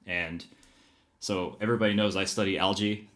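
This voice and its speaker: Very deep-voiced man, playful chatty co-host who leads the talk. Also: fairly even intonation, normal speed, a bit bright. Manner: playful, chatty, full of fillers. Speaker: podcast co-host. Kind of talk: casual podcast chat.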